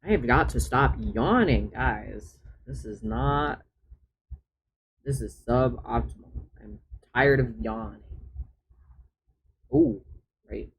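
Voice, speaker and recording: A man's voice: medium pitch, animated, slow, a little hiss or hum, poor audio. A man chatting on a live stream as he draws, often muttering his steps to himself as he works. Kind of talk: casual live-stream chat while drawing.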